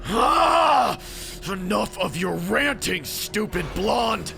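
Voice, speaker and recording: A man voicing a furious male rideshare driver with a flat, robotic manner who bursts into shouting. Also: high voice, extremely slow, vocal fry, pitched above the performer's own voice, exaggerated voice. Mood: raging. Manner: shouting, menacing. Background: music.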